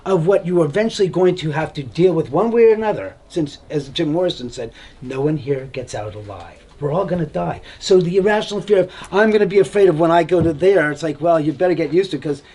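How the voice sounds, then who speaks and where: A homeowner giving a tour, telling stories in an animated way and acting out the quoted voices of other people. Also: male voice, a little high, fast talker, breathy edge. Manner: acts out quoted dialogue, rambling with restarts. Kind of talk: animated storytelling.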